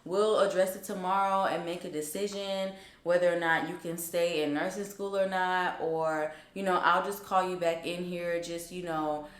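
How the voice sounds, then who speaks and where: A young woman quoting a stern female dean in a calm, firm, formal way, a little quieter than her own voice. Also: a little high, a little fast, hardly any pauses, reverberant, close to an everyday voice. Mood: soothing.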